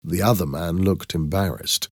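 A man reading an audiobook in a clear, expressive storytelling manner. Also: sits low, moderate pace, dry recording, studio quality. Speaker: narrator.

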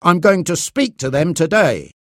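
A man's voice: on the high side, expressive, moderate pace, dry recording, studio quality, pitched above the performer's own voice, close to an everyday voice. A man voicing a stern, protective male judge in a storybook reading, speaking firmly and with authority. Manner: firm, commanding.

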